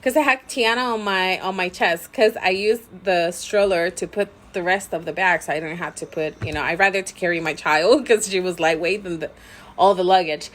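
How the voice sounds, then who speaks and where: A mother vlogging to camera, telling a story in a chatty, animated way with many fillers and frequent laughter. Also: fairly low pitch, moderate pace.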